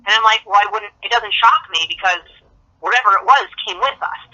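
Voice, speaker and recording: Speaking fast-ish over a dull phone line, a middle-aged woman shares stories as a guest in a relaxed phone interview, performing the lines she quotes. Her voice is mid-range, pushed and bright.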